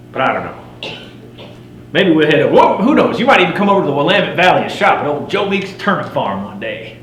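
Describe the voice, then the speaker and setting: A man's voice: on the high side, very animated, a little fast, long pauses, a bit bright. A man playing a boastful frontier mountain man. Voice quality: folksy drawl with rough frontier grammar. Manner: swaggering, wry, chuckling at his own yarns. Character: boastful frontier mountain man, grizzled fur trapper telling tall tales. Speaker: living history storyteller. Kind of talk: first-person campfire tall tale. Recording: roomy recording with faint hum.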